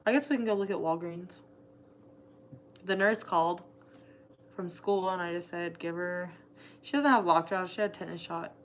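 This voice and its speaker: A woman with a lowish voice chatting casually as a co-host. She is matter-of-fact and teasing. Faint ambient noise sits behind her. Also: moderate pace, long pauses. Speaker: co-host, stepparent. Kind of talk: casual chat.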